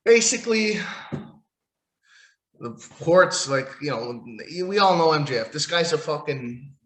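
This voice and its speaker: A man's voice: fairly high pitch, animated, unhurried, a bit bright, echoey room, a little hiss or hum. A man hosting a solo wrestling podcast, ranting in a profane, sarcastic, rambling way while losing his voice. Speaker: podcast host.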